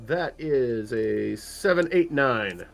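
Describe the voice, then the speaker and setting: A man playing a tabletop game in a playful, animated way. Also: medium pitch, takes it slowly, gravelly, faint music behind. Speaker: player. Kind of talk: casual tabletop play.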